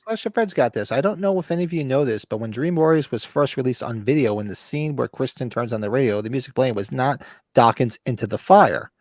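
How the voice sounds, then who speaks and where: A man's voice: medium pitch, animated, brisk, darkish tone, dry recording, studio quality. A man co-hosting a casual live podcast, telling rambling, profane stories about his collection. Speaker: podcast co-host. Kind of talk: casual chat.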